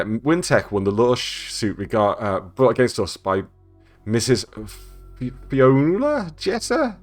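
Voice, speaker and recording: Man reading game emails aloud, joking. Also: on the low side. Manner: joking, reads text aloud with stumbles and sarcastic asides. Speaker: gaming YouTuber.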